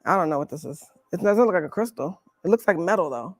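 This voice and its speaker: A lively woman from the Bronx leads a live Reiki workshop. She talks in a playful, chatty way, and her pitch rises and falls a lot. The sound is dry and close. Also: quick pace, no echo. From the Bronx, New York. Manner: playful, chatty, laughs often. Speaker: Reiki teacher. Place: library workshop room.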